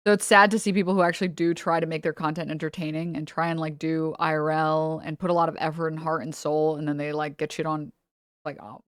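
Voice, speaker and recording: A woman's voice: low-pitched, little pitch movement, fast talker, no room sound, clean studio sound. A woman streamer chatting casually, rambling with lots of fillers and trailing off mid-thought. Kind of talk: casual live-stream chat.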